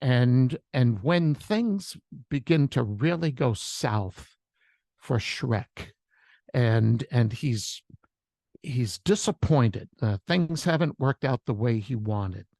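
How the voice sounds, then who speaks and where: A man's voice: mid-range voice, lively intonation, takes it slowly, creaky, darkish tone, no room sound. A man who is a worship leader, sharing a reflective devotional message with storytelling on a video call.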